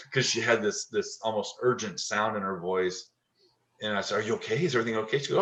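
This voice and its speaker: A middle-aged man telling a moving story about his work in touch therapy, halting and repeating words, tender and moved. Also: on the low side, bright, forceful tone. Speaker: touch therapy practitioner and teacher. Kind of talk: emotional storytelling interview. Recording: dull, lo-fi and roomy.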